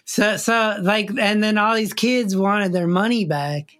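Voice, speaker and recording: A man's voice: high voice, slow pace, fairly bright tone. A middle-aged man, a musician, telling a personal story in a loose, casual way, full of fillers and frequent laughs. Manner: rambling, filler-heavy, laughs often.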